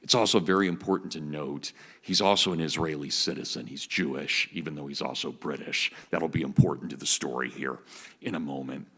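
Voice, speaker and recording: A man's voice: very deep voice, brisk, fairly bright tone, husky. A man in his fifties giving a public lecture, telling anecdotes with enthusiasm. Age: 50s. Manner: enthusiastic storyteller. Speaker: guest lecturer. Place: auditorium. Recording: long auditorium reverb.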